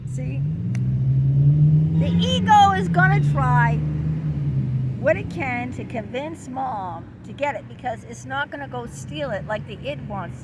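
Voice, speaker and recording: A woman's voice: sits high, animated, measured pace, heavy background noise. A woman psychology teacher explaining a theory in a casual, playful way, repeating and restarting. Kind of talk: casual lesson.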